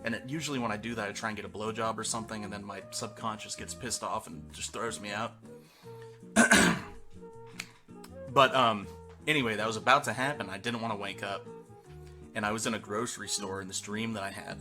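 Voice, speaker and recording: A man's voice: fairly low pitch, steady tone, a little fast, music in the background. A young man streaming, telling rambling crude stories to his chat, laughing often and trailing off. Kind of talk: rambling casual storytelling to a live chat.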